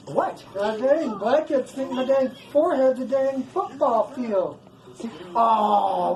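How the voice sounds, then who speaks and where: A man's voice: very high-pitched, sing-song, slow pace, darkish tone. A man cooing baby talk to an infant in a playful, teasing, sing-song way at home. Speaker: family member.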